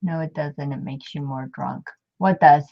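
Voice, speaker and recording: Slow, rambling woman crafting on camera. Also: deep voice, gravelly, muffled recording. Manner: rambling, self-interrupting, chatty. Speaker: craft channel host. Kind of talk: casual crafting chat.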